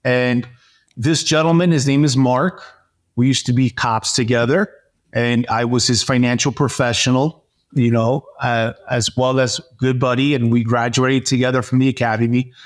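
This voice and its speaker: A man as an interview guest, telling a personal story in a lively, animated way, with frequent fillers and restarts. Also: medium pitch, normal speed. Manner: animated storyteller, acts out dialogue. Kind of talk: personal testimony in conversation.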